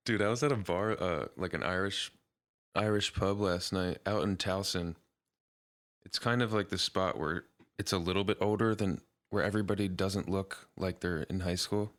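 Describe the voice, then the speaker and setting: A young man, co-hosting a podcast, who laughs a lot and drops deadpan jokes into the casual banter. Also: low voice, normal speed. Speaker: podcast co-host.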